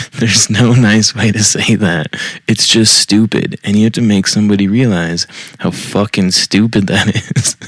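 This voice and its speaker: Male podcast host, low unhurried voice, foul-mouthed, bluntly riffs on what he reads. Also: fairly even intonation, no room sound. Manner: blunt, profane, laughs at his own jokes. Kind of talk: reading and reacting to reddit posts.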